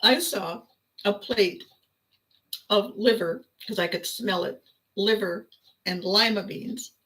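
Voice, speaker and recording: An older woman hosting her own video, telling a personal story in a casual, animated way with frequent laughter. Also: mid-range voice, takes it slowly, rough recording. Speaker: vlog host.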